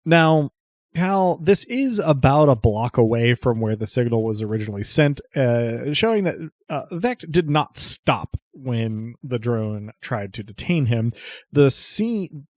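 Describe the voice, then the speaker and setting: A man narrating as game master of a tabletop game, often chuckling and pausing on fillers. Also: medium pitch, no echo. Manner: relaxed, chuckling, searching with many fillers.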